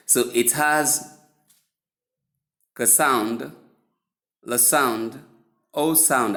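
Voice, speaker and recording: Male pronunciation teacher, unhurried and deliberate, spells words out letter by letter, mid-pitched voice. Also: lively intonation, sharp tone. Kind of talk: spoken English lesson.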